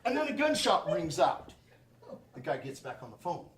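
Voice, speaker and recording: A man telling jokes on a community theater stage, animated and acting out each line. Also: a little high, moderate pace. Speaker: joke teller. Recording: echoey theater with faint noise.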